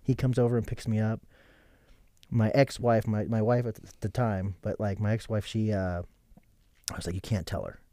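Dark-toned and lowish, this man's voice barely moves in pitch; he speaks at a normal speed and pauses often. In his thirties, he's a guest on a casual podcast telling a long story, swearing often and playing out everyone's lines. The close, dry mic picks up no room sound.

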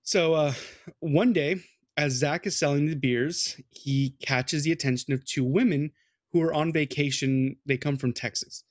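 A man's voice: a little high, unhurried, no echo. Man telling a story casually, dry sound. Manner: loose, rambling, with lots of "like" and "dude". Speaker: podcast co-host telling a true crime story.

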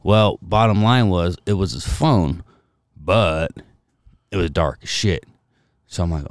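A man's voice: low-pitched, measured pace, long pauses, no room sound, studio quality. A man co-hosting a casual podcast, retelling stories with crude humor, lots of swearing, and acted-out quotes. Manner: profane, animated retelling with quoted dialogue. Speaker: podcast co-host.

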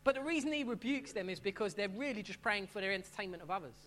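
A man's voice: high-pitched, lively intonation, quick pace, a bit bright. Man preaching conversationally. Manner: conversational, repeats and restarts phrases. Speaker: pastor. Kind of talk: sermon.

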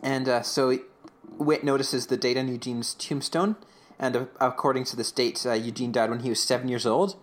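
A man co-hosting a podcast, recapping an episode in casual chat, rambling with lots of fillers and slipping into quick voices for quotes. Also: medium pitch, little pitch movement. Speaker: podcast co-host.

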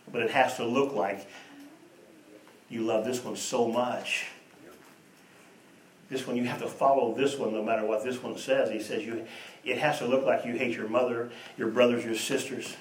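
A man preaching a sermon, telling stories and moving between hushed and emphatic delivery. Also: medium pitch, steady tone, normal speed, slight background noise. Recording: echoey room, voice from a distance.

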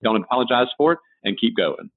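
A man's voice: mid-range voice, animated, fairly quick. A man with a Southern American accent, a designer and author answering interview questions in a folksy, storytelling way. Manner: folksy storyteller, frequent restarts. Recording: tinny phone-like line.

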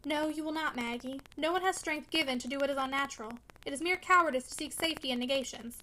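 A brooding young man, bitter and earnest, pressing his case with vehemence in a storybook reading, as a woman reads him. The voice sits high and bright and moves along at a quick clip. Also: slight background noise, rough recording. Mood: vehement. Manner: vehement, pleading.

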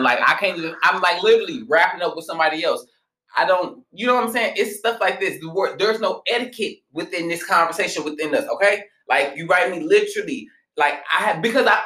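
A man hosting a podcast, telling stories in a blunt, profane and animated way. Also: fairly high pitch, brisk, echoey room. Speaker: podcast host. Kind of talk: casual podcast monologue.

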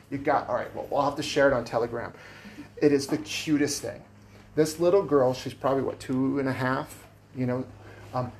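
A male pastor preaching in a church, his mid-pitched voice rough and gravelly. He talks in a conversational, down-to-earth way, with a faint hiss of noise under the recording. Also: darkish tone. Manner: conversational preaching with casual asides. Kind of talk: sermon. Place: church sanctuary.

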